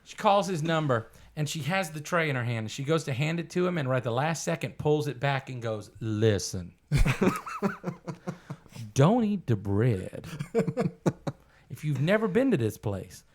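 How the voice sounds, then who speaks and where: A man tells a comic story as a podcast guest. His voice sits high and swings widely up and down as he drawls through the tale. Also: a little fast. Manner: lively, drawling storyteller who acts out other people's voices.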